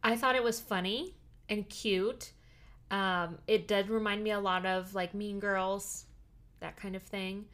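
An easygoing young adult woman co-hosting a podcast in casual chat. She talks in a middle-pitched voice, with frequent ums as she explains things. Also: steady tone, measured pace, a bit bright. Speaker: podcast co-host.

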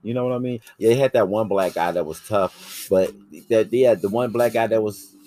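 Very deep-voiced man, brash and profane. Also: moderate pace, no room sound. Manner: brash, profane, animated storytelling. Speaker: podcast host. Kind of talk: casual chat.

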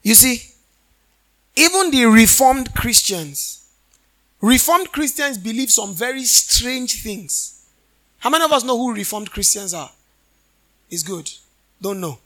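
A male preacher delivering a sermon in a church. His voice sits very high and rings bright and forceful. He draws his listeners in with questions, then answers them himself in a chanting, sing-song cadence. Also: expressive, unhurried, long pauses. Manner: call-and-response questions to the congregation.

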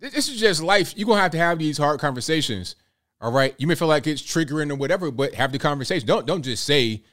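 A man's voice: fairly high pitch, animated, fast, a bit bright. A young man hosting a reaction commentary, talking bluntly and repeating himself in a conversational way. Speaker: commentary host.

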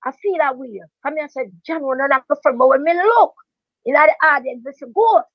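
An older Jamaican woman, a veteran dancehall DJ, telling her story in a lively patois interview with emphatic repetition. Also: sits high, a little fast, dry recording. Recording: dry, dull lo-fi sound.

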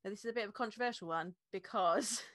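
Woman, beer educator and interview guest, energetic, laughs often, mid pitch, dry sound. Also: quick pace, no echo. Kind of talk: casual interview chat.

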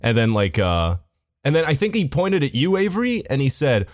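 A man's voice: mid-range voice, sing-song, moderate pace, no room sound, studio quality. A young man in casual chat with friends who swears often and laughs as he talks.

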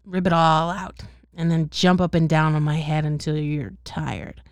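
A woman's voice: deep voice, steady tone, a little slow, no echo, clean studio sound. A woman voicing a defiant, foul-mouthed male traitor frozen in ice, spitting insults in a storybook reading.

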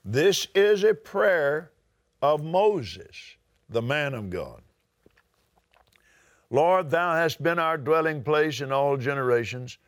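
A man's voice: a little high, expressive, slow, pauses often, no room sound, clean studio sound. An older man with a Southern US accent, preaching a sermon and reading scripture aloud with dramatic swings in his voice.

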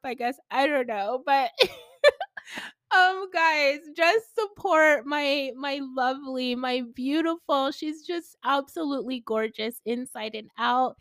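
A high-voiced woman chatting on her own podcast from home, gushing and giggling as she goes. Her talk is loose and effusive, packed with "like" and "you guys." The sound is dry and close, with no room echo. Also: animated, a little slow, fairly bright tone. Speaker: podcast host. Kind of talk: casual solo podcast chat. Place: at home indoors.

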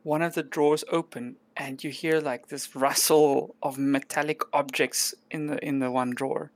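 A woman narrating as game master of a tabletop game, with calm, descriptive storytelling. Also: deep voice, moderate pace, no room sound.

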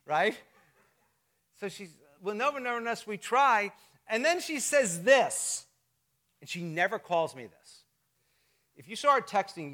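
A middle-aged male pastor with a high, bright voice gives a sermon in a church. He tells stories in a chatty, conversational way and jokes with his congregation. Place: church sanctuary.

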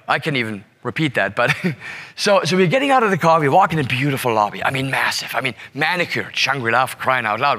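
A man telling a story to an audience in an animated way, full of rhetorical asides. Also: high-pitched. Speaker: speaker. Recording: long hall reverb.

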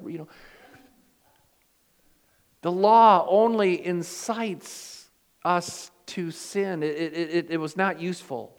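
A man with a fairly high voice preaches in a church, his words trailing off into a long hall reverb. He delivers his sermon in a folksy, storytelling way and pokes fun at himself. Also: slow, pauses often, clear, resonant tone. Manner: folksy storytelling with self-deprecating humor. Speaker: pastor.

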